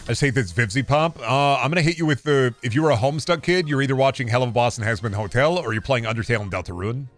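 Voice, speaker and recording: A man's voice: medium pitch, fast, soft background music. A male streamer in casual live-stream chat, ranting sarcastically and swearing.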